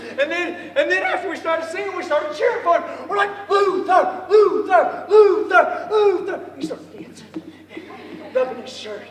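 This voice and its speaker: A man with a strikingly high voice spins a lively story, acting out voices and breaking into laughter. He is heard from a distance in a large, echoing hall, with a faint murmur behind him. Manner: animated, acts out voices, laughs often. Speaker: storyteller speaker. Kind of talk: storytelling speech. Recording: echoey hall from far off.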